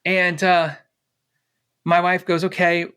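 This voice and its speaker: Middle-aged male guest, fairly high voice, animated storyteller who acts out the lines of other people. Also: slow pace, clean tone. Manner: animated storyteller, acts out dialogue, laughs often. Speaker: interview guest. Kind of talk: storytelling in casual interview.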